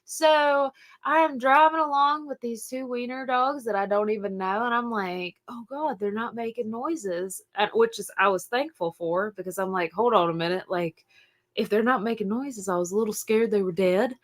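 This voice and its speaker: A woman's voice: fairly high pitch, moderate pace. A woman with an Appalachian accent, co-hosting a podcast and telling a rambling story in casual chat, full of fillers and acted quotes. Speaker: podcast co-host.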